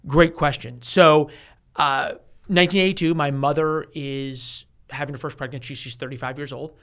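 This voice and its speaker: A man in his forties, a guest author telling a story in an interview, animated and given to restarts, acting out the voices of the people he quotes. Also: fairly high pitch, normal speed. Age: 40s.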